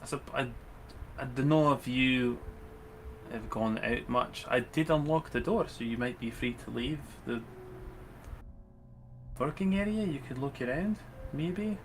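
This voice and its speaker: A man playing a polite, hesitant male adventurer who speaks in a halting, tactful, stammering way. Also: medium pitch, animated, slight background noise. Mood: coaxing. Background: background music.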